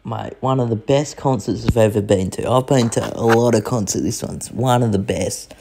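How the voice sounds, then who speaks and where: A man's voice: mid-range voice, normal speed, gravelly, noisy background. A young man, vlogging casually and calling everyone mate. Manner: slangy, says mate constantly. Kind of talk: casual vlog narration.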